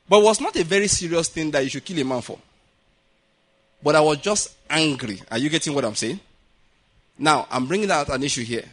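A man with a Nigerian accent preaching a sermon in a church, telling stories and often asking whether the congregation gets his point. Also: on the high side. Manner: animated, keeps checking the congregation follows his point. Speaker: pastor. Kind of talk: sermon with storytelling. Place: church building.

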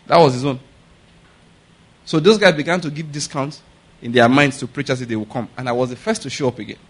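Pastor preaching a lively sermon. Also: male voice, medium pitch, brisk, slightly rough. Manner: animated storytelling with pidgin asides, laughing; repeats questions to the congregation.

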